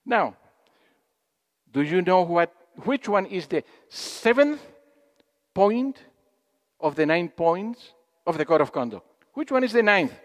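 A man's voice: high voice, big pitch swings, slow, long pauses. A man giving a spiritual talk to an audience in a hall, telling stories, acting out quotes and putting questions to the listeners. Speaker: speaker at a spiritual gathering.

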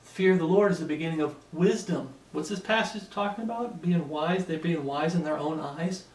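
A man's voice: on the high side, moderate pace, darkish tone. A man giving an emphatic sermon-style Bible teaching, often checking in with "okay?". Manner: emphatic, repeatedly asking "Okay?". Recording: echoey room, mic set far off.

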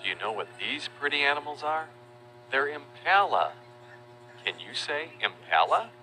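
A man narrating a children's educational video, playful and animated, spelling out words slowly for young viewers. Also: a little high, soft background music, low-quality recording.

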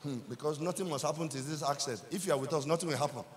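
A man with a Nigerian accent, a pastor preaching a sermon in church, building up to shouted emphasis and repeating his lines. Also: a little high, rapid-fire, in a large hall, soft background music.

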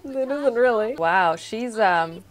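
A woman's voice: fairly high pitch, expressive, takes it slowly, faint music behind. A young woman commentating a life-simulation game in a chatty, playful way, often gasping and laughing. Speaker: gaming YouTuber. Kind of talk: casual Let's Play commentary.

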